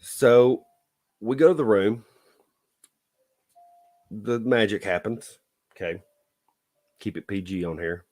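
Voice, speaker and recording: A man with a drawl tells his dating stories in a casual, blunt, folksy monologue. His voice sits a little low, and he keeps stopping to lecture the listener with a pointed "okay?". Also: slow pace, long pauses, a little mellow. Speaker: dating advice vlogger.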